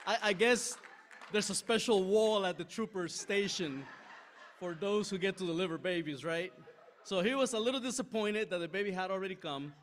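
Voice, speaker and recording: Animated middle-aged male preacher, high voice. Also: normal speed, a little hiss or hum. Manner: animated, self-deprecating anecdote with frequent "right?" asides. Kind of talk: sermon storytelling. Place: church sanctuary.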